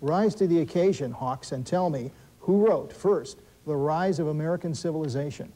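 Brisk, wry man hosting a quiz show. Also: on the high side, dark tone, low-quality recording. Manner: brisk and wry, adds quick asides and corrections. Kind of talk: reading quiz questions, bantering with teams. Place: television studio.

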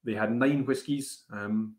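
A man's voice: medium pitch, measured pace. A man hosting a casual whisky tasting, chatty and hesitant with many fillers. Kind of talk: casual live-stream chat.

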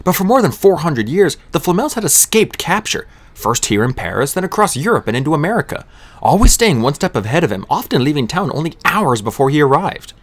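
A man reading a fantasy novel aloud as an audiobook narrator, with an expressive delivery. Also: a little high, a little fast.

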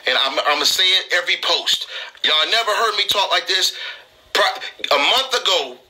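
A man's voice: high-pitched, expressive, normal speed, bright, forceful tone, poor audio. Heated, emphatic man on a live stream. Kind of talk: impassioned live-stream talk.

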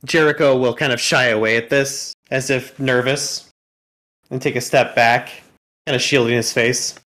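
A man acting as game master, narrating a tabletop game in a casual, relaxed way. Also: mid-range voice, normal speed.

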